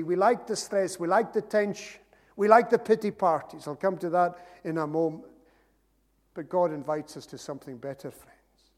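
A man's voice: sits high, a little mellow. A man preaching a sermon, earnest and rising to emphatic repeated phrases. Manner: earnest, builds to emphatic repetition. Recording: long hall reverb.

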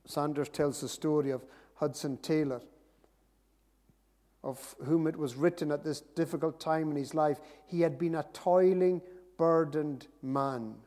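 A man's voice: a little high, steady tone, a little slow, warm tone. Preacher man in a reverberant hall. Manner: earnest, builds to emphatic repetition. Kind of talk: sermon.

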